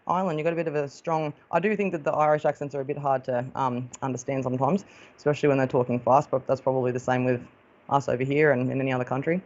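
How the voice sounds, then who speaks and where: A woman's voice: rumbling low, fairly even intonation, fast, darkish tone, lo-fi sound. An Australian woman hosting a live stream as a psychic medium, chatting casually and affectionately, calling viewers darling as she greets them.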